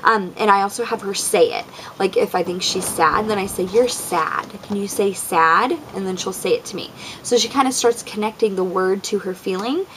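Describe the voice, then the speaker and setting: Here a young woman's mid-range, slightly bright voice runs a little fast with hardly any pauses, and the poor audio carries slight background noise. She's a parent vlogger giving casual parenting advice, chatty, heavy on ums and likes, acting out quotes to her kids.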